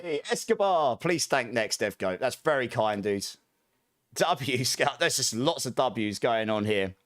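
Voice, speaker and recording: A man's voice: mid-range voice, lively intonation, measured pace, a bit bright, no room sound, clean studio sound. A man chatting casually on a live stream, upbeat and jokey, laughing often and thanking viewers by name. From Britain.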